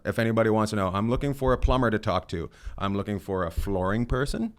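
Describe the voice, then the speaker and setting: A man's voice: on the low side, fairly quick, few pauses, clear, resonant tone. A middle-aged man hosting a podcast, chatting in a rambling, joking, self-deprecating way. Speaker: podcast host. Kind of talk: casual chat.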